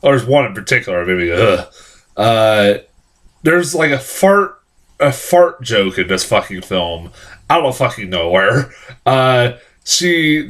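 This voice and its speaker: A man giving a casual, rambling film review, swearing often and restarting his sentences, with sarcastic outbursts. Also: mid-range voice. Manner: rambling, profane, lots of restarts; animated, jumps into sarcastic reactions.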